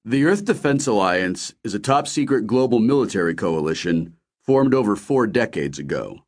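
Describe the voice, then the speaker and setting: A man voicing a mild-mannered middle-aged man who speaks calmly and soothingly. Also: on the low side, normal speed. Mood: serious. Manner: soothing, patient.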